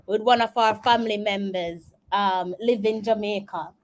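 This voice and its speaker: A woman's voice: medium pitch, steady tone, normal speed. A woman with a British accent hosting a casual chat, laughing often and slipping into patois. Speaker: host.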